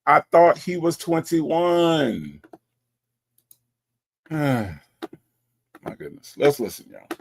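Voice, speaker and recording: A man hosting a casual livestream who reads viewer comments aloud and reacts with animated, teasing remarks. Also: a little high, drawn-out words, vocal fry, pauses often, slight background noise.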